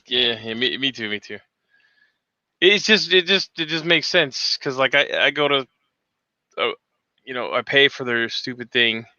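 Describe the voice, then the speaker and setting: A man's voice: medium pitch, a little slow, long pauses, sharp tone, no echo, lo-fi sound. A man hosting a casual morning talk show, rambling and cursing freely with many restarts. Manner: rambling, profane, restarts often. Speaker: podcast host.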